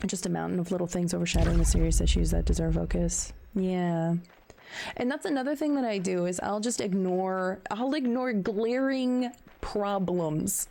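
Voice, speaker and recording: A woman in her thirties talking candidly in casual chat, questioning herself and halting with fillers. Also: mid-range voice, creaky, dark tone. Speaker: stream co-host.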